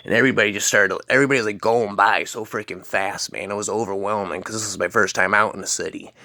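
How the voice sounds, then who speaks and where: Rambling low-voiced male storyteller. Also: fairly even intonation, quick pace, sharp tone, dry recording. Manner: rambling, full of "man" and "freaking". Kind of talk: rambling spoken anecdote.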